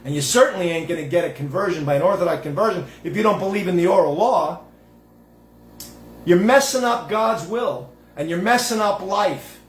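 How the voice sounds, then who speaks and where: A man's voice: high-pitched, normal speed, echoey room. A man hosting his own show, giving a digressive religious monologue in a folksy, self-interrupting way. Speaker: host.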